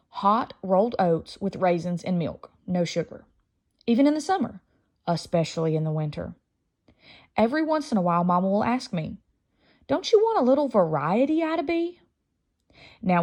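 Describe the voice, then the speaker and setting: A woman reading a children's novel aloud in a lively first-person storytelling voice. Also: fairly low pitch. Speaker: audiobook reader.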